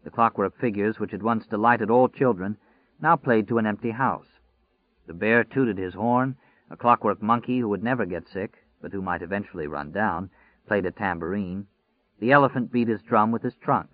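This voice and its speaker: A man with a lowish voice reads an audiobook in a measured, deliberate way. The sound is dry and close, with no room around it. It comes through a narrow, phone-like band. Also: no room sound. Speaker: audiobook narrator. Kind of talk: scripted audiobook narration.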